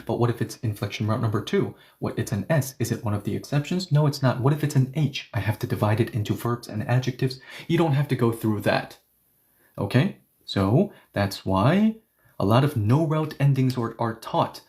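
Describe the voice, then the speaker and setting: A man's voice: medium pitch, animated, normal speed, a little mellow. A man teaching a grammar lesson, explaining each step and asking questions that he then answers himself. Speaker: Korean language teacher.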